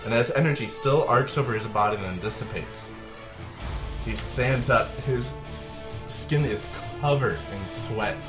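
A man's voice: mid-range voice, unhurried, over music. A man narrating a tabletop game as game master, in vivid, gory detail.

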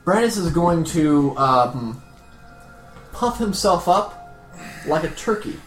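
A man's voice: fairly high pitch, lively intonation, slow, soft background music. Rambling male player in an echoey room. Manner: rambling, searching for words. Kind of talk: casual tabletop play. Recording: echoey room with faint noise.

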